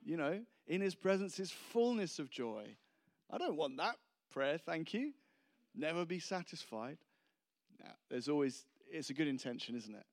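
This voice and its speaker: A man's voice: a little high, very animated, moderate pace. A man preaching a casual, humorous sermon, rambling and self-deprecating between anecdotes.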